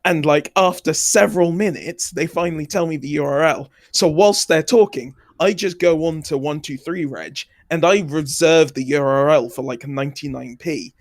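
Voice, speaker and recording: A man's voice: on the high side, moderate pace, hardly any pauses, no room sound. A man co-hosting a casual chat, telling a story in a dry, matter-of-fact way. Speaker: co-host.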